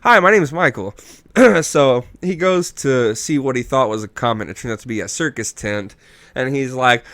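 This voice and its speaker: A man's voice: medium pitch, animated, moderate pace, fairly bright tone, no echo. A tipsy man hosting a podcast, rambling through a movie recap in casual chat and swearing freely. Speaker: podcast host.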